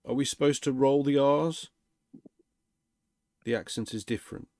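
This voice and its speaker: A man hosts a relaxed livestream, his voice gravelly and his tone playful. He teases and laughs easily, recorded dry and close to the mic. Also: mid-range voice, normal speed, dry recording. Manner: playful, teasing, laughs often. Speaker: livestream host. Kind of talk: casual livestream chat.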